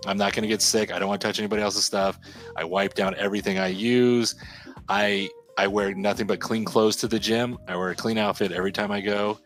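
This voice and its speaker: Male podcast co-host, low voice, emphatic rambler, casual, faint music bed. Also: fairly even intonation, a little fast, fairly bright tone. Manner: rambling, emphatic, self-repeating. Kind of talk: casual chat. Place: home studio.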